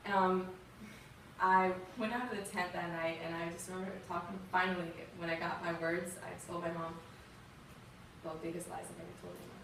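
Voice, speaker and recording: A woman's voice: lowish voice, little pitch movement, brisk, noisy background. Young Southern woman, guest speaker, heartfelt storytelling, distant mic, big reverberant room. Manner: earnest, emotional, conversational with fillers. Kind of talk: personal story talk to a youth audience.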